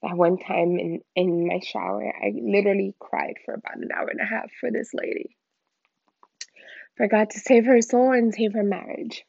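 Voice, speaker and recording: Gravelly-voiced woman sharing a faith testimony. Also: medium pitch, steady tone, moderate pace, a little mellow, dry recording. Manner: candid, emotional, informal slang. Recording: dull lo-fi dry recording.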